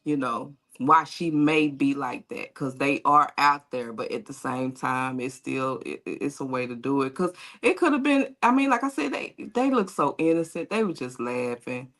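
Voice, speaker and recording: A woman's voice: a bass voice, normal speed, hardly any pauses. A woman co-hosting a casual live talk show, easygoing and affirming. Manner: relaxed, affirming, full of fillers. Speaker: podcast co-host. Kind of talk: casual chat.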